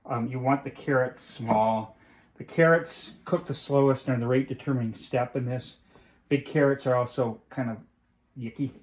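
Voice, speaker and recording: A man's voice: medium pitch, steady tone, normal speed. A middle-aged man from Michigan's Upper Peninsula hosting a casual home cooking demonstration, chatty and rambling with mild cursing, in a home kitchen. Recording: clear chopping noise behind voice. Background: knife chopping and clicks.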